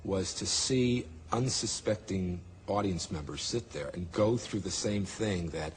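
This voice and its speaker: A man's voice: low voice, a little slow. A man in a documentary interview, animatedly retelling a story and acting out how people reacted.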